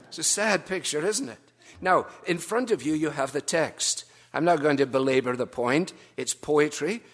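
Wry older preacher. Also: male voice, mid-range voice. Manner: wry, storytelling, gently humorous. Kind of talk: sermon.

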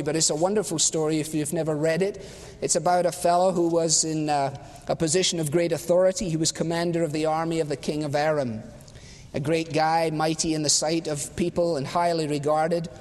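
High-voiced male preacher in an echoing hall. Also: fairly even intonation, a little fast, darkish tone. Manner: conversational storytelling, wry, emphatic. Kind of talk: sermon. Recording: long hall reverb.

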